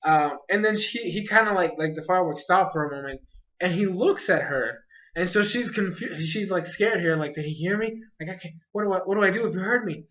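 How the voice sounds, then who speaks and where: A young man reviewing an anime in a rambling, excitable way, full of fillers and restarts. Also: high-pitched, fairly quick, dull audio. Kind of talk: casual video review.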